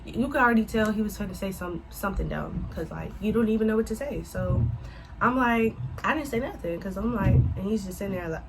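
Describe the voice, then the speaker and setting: A woman telling a casual storytime to her viewers, animated and swearing freely as she addresses them as y'all. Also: mid-range voice, fairly quick, low-quality recording. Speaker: vlogger.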